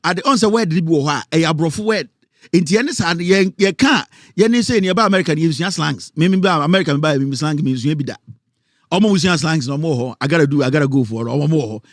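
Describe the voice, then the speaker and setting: A man's voice: on the high side, brisk, dry recording, studio quality. Ghanaian man hosting radio talk. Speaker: radio show host. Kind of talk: casual radio talk mixing Twi and English.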